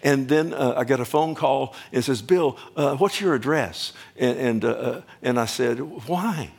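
A middle-aged man preaching a sermon as a pastor, talking loosely with restarts, often checking with the congregation, and building up louder and higher as he goes. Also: unhurried, creaky, husky. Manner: rambling, repeats himself, asks the congregation "amen?".

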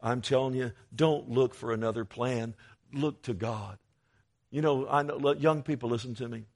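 Guy preaching to his church, middle pitch, gets loud then drops quiet, reads bible verses out. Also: moderate pace. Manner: preaching with swells of volume and sudden drops; quotes scripture aloud. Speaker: pastor. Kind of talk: sermon.

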